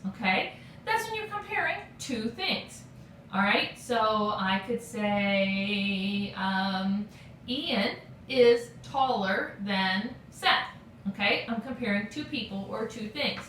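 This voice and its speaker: A woman teacher giving a recorded grammar lesson, patient and steady, checking in with frequent okays. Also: fairly high pitch, a little slow, slight background noise. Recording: echoey room, voice from a distance.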